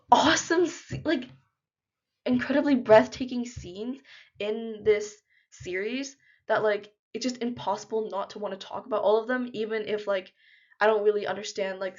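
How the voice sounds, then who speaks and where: A young woman talking casually to camera in an unedited vlog, chatty and full of fillers, gushing like an excited fan. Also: medium pitch. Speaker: vlogger. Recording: slightly dull lo-fi audio.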